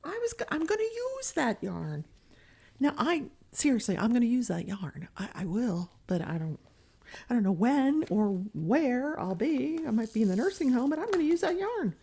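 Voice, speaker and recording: Chatty woman with a mellow, higher voice. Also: animated, normal speed, husky. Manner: rambling, self-mocking, chatty. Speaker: crafting vlogger. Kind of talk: casual chat while diamond painting.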